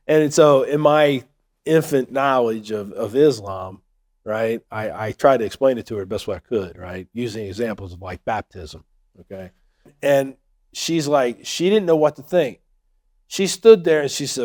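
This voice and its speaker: A man's voice: medium pitch, normal speed, a little mellow, no room sound, studio quality. Joking, conversational storytelling man. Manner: joking, conversational with many fillers. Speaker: convert telling his story. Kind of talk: personal storytelling.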